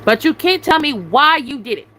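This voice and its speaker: A woman's voice: high voice, big pitch swings, moderate pace, bright, forceful tone, a little hiss or hum, low-quality recording. A young adult woman venting angrily at someone, demanding answers over and over with heavy swearing. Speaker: YouTuber venting on a live stream. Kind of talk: angry venting rant.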